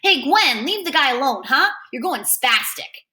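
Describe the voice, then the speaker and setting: A woman's voice: sits high, very animated, measured pace, pushed and bright, heavily acted. A woman voicing a small, clever boy with a cocky, wisecracking manner in a storybook reading. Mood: teasing. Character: small clever boy, know-it-all grin.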